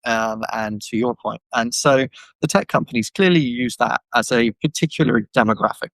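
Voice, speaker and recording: A man with a gravelly, creaky voice talks as an animated podcast guest, often slipping into quoted voices of the people he describes. His speech is full of "you know" and "um", and he sounds dry and close on a video call mic. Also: medium pitch, moderate pace, no echo, poor audio. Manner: animated, acts out quoted voices, many fillers. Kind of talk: casual conversational discussion. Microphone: video call microphone.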